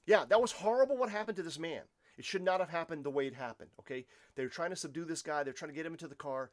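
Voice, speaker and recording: Speaking quickly with a fairly high pitch and few pauses, a Polish livestreamer delivers opinionated, casual commentary. He addresses his audience as "folks," peppers them with rhetorical questions, and frequently starts sentences over.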